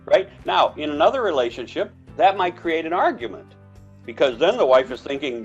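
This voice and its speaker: A man with a fairly high, very lively voice tells stories in a casual talk, acting out the lines of others. The audio is slightly dull and muffled, with faint music underneath. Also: moderate pace. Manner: storytelling, acts out dialogue with big pitch jumps. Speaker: podcast co-host. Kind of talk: casual conversation on relationships.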